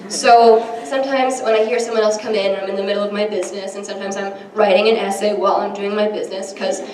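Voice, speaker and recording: Flat in delivery but quick, a young woman's mid-range voice carries over a crowd as she does self-deprecating stand-up. Her set is chatty and packed with ums, performed live in a large hall. The sound is distant and echoey, full of audience laughter and room noise.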